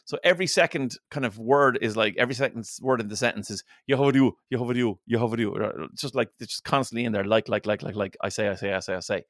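A man's voice: fairly low pitch, fast, few pauses, fairly bright tone, dry recording, studio quality. A man chatting casually on a podcast, telling rambling stories and slipping into playful mock voices.

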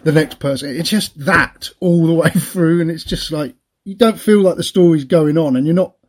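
A man's voice: fairly high pitch, moderate pace, darkish tone. A man co-hosting a podcast, talking in a chatty, rambling way and laughing often. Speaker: podcast co-host. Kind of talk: casual chat.

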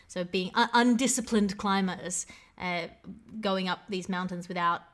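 A woman's voice: on the low side, a little slow. A woman hosting a comedy podcast, making wry asides between segments. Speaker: podcast host.

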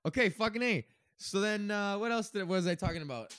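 A podcast host, a man around thirty, gives a loose, profane, rambling monologue and laughs often. His high-pitched voice is brisk, fairly bright and clean, with no room sound and a dry feel.

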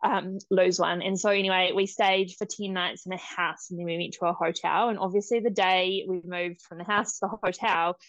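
A young woman, a podcast guest telling her story in a casual, animated way, laughing often and quoting others. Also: lowish voice, moderate pace, hardly any pauses, dry recording. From New Zealand.

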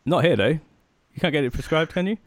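A man's voice: on the high side, fairly quick, dry recording, studio quality. A man hosting a podcast in casual chat, asking easygoing questions and laughing often. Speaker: podcast host.

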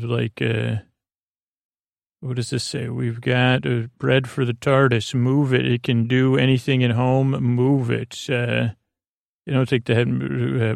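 A man hosting a sleep podcast, recapping an episode in a rambling, hesitant way with many pauses. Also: medium pitch, gravelly, no echo, clean studio sound. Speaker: podcast host.

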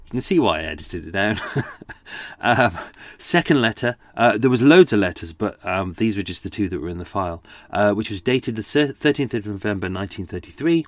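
A man's voice: lowish voice, animated, brisk, no room sound. A man, hosting a casual podcast chat, rambling with lots of asides while reading out old letters. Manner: rambling and chatty, with many fillers and asides. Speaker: podcast host.

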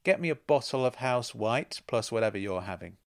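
A man's voice: medium pitch, animated, fairly quick, natural voice. A man voicing a playful, self-assured woman who teases and mocks. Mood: teasing. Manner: teasing, knowing, laughs at others.

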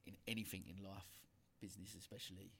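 Deep gravelly man hosting. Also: level tone, quick pace, a bit bright, slight background noise. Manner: reflective, rambling questions. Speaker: podcast host. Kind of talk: interview questions.

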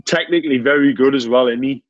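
A man's voice: mid-range voice, fast talker, dry recording, muffled recording. A laughing man telling footballer stories. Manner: laughs a lot while telling anecdotes, says "mate" constantly. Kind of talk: casual storytelling chat.

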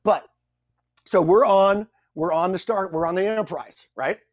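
A middle-aged man, a guest actor, telling stories on a podcast in an animated, self-deprecating way. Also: high-pitched, moderate pace, dry recording. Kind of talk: anecdotal storytelling.

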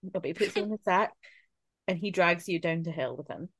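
Speaking a little fast in a fairly low, husky voice with a bit of brightness, this Scottish woman co-hosts a podcast. She swaps spooky folklore in casual, chatty talk, swearing freely and adding laughing asides, with no echo on the recording.

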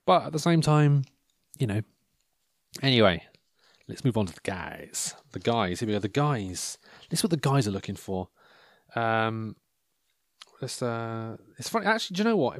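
A man musing aloud in a loose, digressive way, dropping dry asides as he reads personal ads. His voice sits at an ordinary middle pitch. The sound is close and dry, with no room echo at all. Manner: wry, rambling, digressive commentary. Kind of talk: casual monologue reading out personal ads. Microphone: handheld or desk microphone.

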